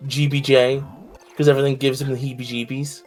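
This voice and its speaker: Faint music plays behind this fairly quick, slightly mellow male voice of medium pitch and level tone. As a stream co-host chatting during gameplay, he rambles through profane, jokey riffs.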